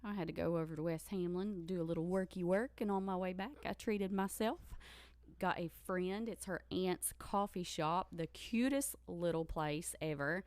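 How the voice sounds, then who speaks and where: A woman's voice: lowish voice, normal speed, a little mellow, no room sound. A woman co-hosting a podcast in easy, agreeable casual chat. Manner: agreeable, chatty. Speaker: podcast co-host.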